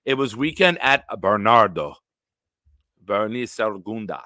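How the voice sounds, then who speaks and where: A man hosting a casual solo livestream, telling stories in a rambling, animated way with big swings in loudness. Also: on the low side, unhurried, no echo, studio quality. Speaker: livestream host.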